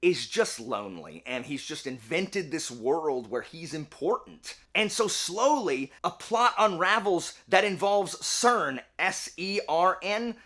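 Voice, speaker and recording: A young man giving a casual, chatty review, full of fillers and animated retellings. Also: a little high, takes it slowly, hardly any pauses. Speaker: book and game reviewer.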